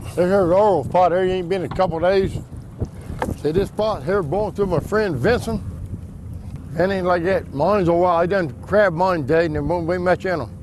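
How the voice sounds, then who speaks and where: A man with an Outer Banks brogue, a crab fisherman explaining his work in plain, unhurried talk. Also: high voice, a little mellow, slight background noise.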